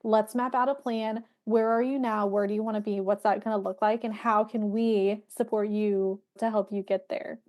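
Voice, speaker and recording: A woman's voice: medium pitch, steady tone, moderate pace, few pauses, a little mellow. A woman hosting a podcast, reflecting in an encouraging, motivational way during a casual chat. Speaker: podcast host.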